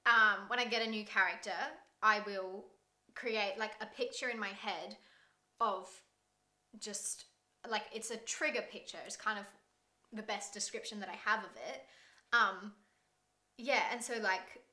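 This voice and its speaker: A woman's voice: medium pitch, fairly even intonation, a little slow, bright, forceful tone. A woman, an actor who plays a historical character, talking casually in an interview with lots of "like" and an upbeat manner. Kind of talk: conversational interview. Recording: echoey room.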